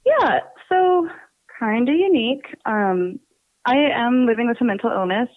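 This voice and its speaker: A New Jersey woman with a fairly high voice chats casually as a podcast guest in an interview, laughing often and swearing freely at a normal speed. The recording is dry and comes over a tinny phone line.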